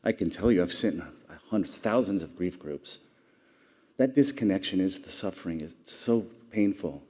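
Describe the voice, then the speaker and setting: Man, public speech, earnest storytelling, warm low voice. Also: lively intonation, normal speed. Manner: earnest storytelling, audience questions. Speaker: award speaker.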